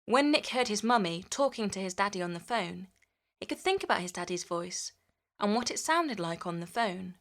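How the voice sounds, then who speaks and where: A woman's voice: medium pitch, animated, normal speed, a bit bright. A woman narrating a children's story in a playful way, stretching words out to mimic sounds.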